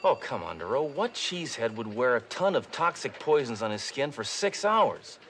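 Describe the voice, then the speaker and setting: An actor playing a cocky, wisecracking male cop with a tough, deadpan delivery. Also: mid-range voice, brisk, a little hiss or hum. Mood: smug. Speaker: police detective. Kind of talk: 1980s sitcom acting.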